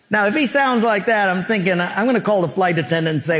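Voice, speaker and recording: A male pastor preaching a sermon with humorous stories, emphatic pauses and rhetorical questions. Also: high-pitched, animated, fairly bright tone.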